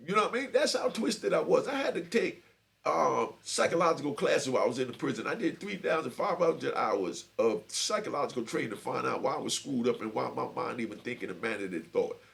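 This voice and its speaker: A man's voice: medium pitch, a little fast, creaky. An older man, feeling unwell, telling a street story to younger listeners in a laid-back, streetwise way that keeps checking in with them. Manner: streetwise, keeps checking in with "you know what I mean"; laid back, lively, acts out quoted voices.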